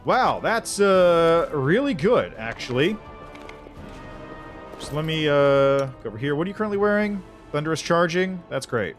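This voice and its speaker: A man's voice: a little high, big pitch swings, normal speed. A man streaming a video game with casual, rambling, joking commentary, reading game text aloud. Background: faint game music.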